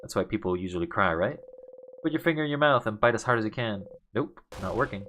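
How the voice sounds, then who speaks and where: A man's voice: fairly low pitch, lively intonation, fast, a bit bright, a little hiss or hum. A young man hosting a casual let's play, reading the game's text aloud with big dramatic swings and muttering asides.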